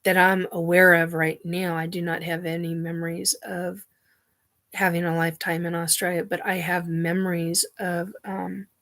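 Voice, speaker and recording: A woman hosting her own show, talking in a halting, earnest way as she searches for words. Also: lowish voice, flat delivery, a bit bright. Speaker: show host. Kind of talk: personal monologue.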